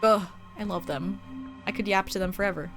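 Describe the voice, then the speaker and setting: A woman's voice: medium pitch, a little fast, over music. Playful woman streamer chatting. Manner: chatty, playful, swears casually. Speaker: game streamer. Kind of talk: casual let's-play commentary.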